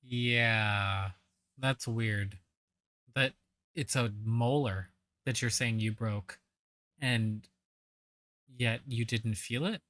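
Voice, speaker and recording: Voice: mid-range voice, very slow, long pauses, fairly bright tone, no echo. A reaction commentator talking over a clip in a blunt, mocking way, swearing casually as they pick apart what they watch.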